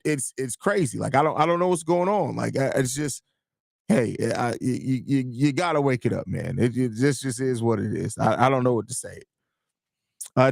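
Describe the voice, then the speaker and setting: A man's voice: mid-range voice, vocal fry, dry recording, studio quality. A young man hosting a live sports podcast, joking and cursing loosely while answering chat. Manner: loose, profane, laughing banter with chat. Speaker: podcast host. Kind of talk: casual live-stream chat.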